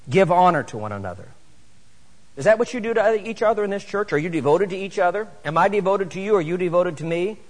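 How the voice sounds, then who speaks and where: A middle-aged man preaching a sermon to his church, animated and rising to emphatic exhortation. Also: high-pitched. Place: church sanctuary. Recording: echoey church hall.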